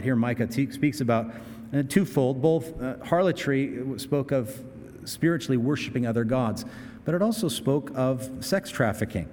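A man preaches from the pulpit in a large church, his voice trailing into a long hall reverb. He explains scripture in a relaxed, chatty way, then breaks into vivid, dramatic bursts. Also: medium pitch, moderate pace. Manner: expository preaching, casual asides and dramatic outbursts. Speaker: pastor. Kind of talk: sermon.

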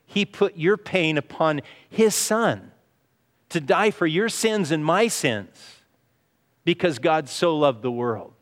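Male preacher, sermon, earnest storyteller, fairly high voice, long hall reverb. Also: animated, takes it slowly. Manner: earnest storytelling, often says "you see". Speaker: pastor.

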